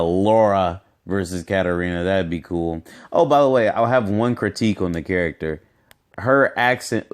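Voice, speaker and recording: A man with a very low, smooth and resonant voice talks through his thoughts in a casual solo video. He rambles and hesitates, circling back with fillers and restarts. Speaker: gaming vlogger.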